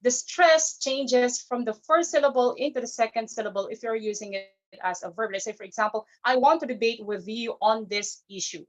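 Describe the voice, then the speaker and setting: A woman's voice: on the high side, normal speed, hardly any pauses. A woman, an English speaker, giving a careful, teacherly evaluation of grammar and pronunciation at an online speech club. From Philippines. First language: not English. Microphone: video call. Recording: dull lo-fi video call audio.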